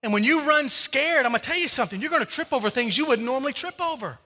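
A man preaching a sermon as pastor, repeating his key phrases and swinging between loud urging and quiet appeals. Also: very high voice, lively intonation, fast talker, long reverb tail. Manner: preaching with rising and falling intensity, repeating phrases. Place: church sanctuary.

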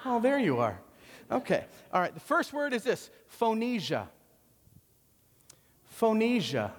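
High-voiced joking pastor in echoing church. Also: male voice, huge pitch swings, moderate pace, husky. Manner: conversational and joking. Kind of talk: sermon. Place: church sanctuary.

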